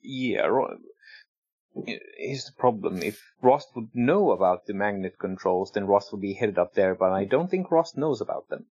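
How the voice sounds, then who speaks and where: Low-voiced man playing a tabletop game. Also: expressive, normal speed, a little mellow, slightly rough, dry recording, lo-fi sound. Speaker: player. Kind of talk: casual tabletop play.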